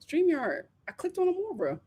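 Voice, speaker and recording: Lively high-voiced woman recapping. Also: normal speed. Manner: animated, sassy, sings and riffs. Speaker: show recap host. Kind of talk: casual reality show recap.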